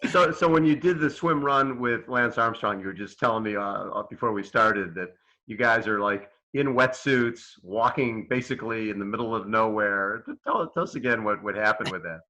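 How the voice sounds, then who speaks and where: Bright-voiced male interview host. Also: on the low side, normal speed, poor audio. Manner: enthusiastic, chatty questioner. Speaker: show host. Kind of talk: casual interview.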